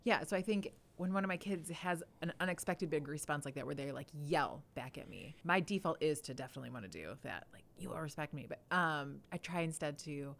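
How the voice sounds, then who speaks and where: A woman in her thirties co-hosts a casual podcast chat. She explains things in a gentle, thoughtful way, and her voice sits quite low. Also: expressive, a little fast, creaky, hardly any pauses. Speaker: podcast co-host.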